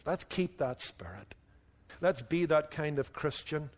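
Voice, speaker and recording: A man preaching a sermon, telling jokes and stories in an animated way and acting out the people in them. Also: fairly high pitch, a little slow. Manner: animated storytelling with voiced quotes. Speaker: pastor. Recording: hall reverb.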